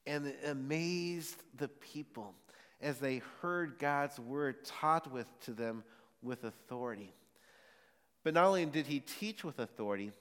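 A man preaching a sermon in a church, speaking earnestly and often restarting his phrases mid-thought. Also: fairly high pitch. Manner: earnest, with frequent halting restarts. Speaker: pastor. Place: church sanctuary. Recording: long hall reverb.

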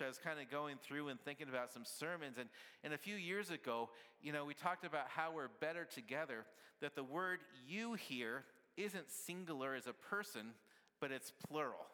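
Bright-voiced male pastor in a reverberant church. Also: fairly high pitch. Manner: conversational, playful asides with laughs and "right?". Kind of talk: sermon.

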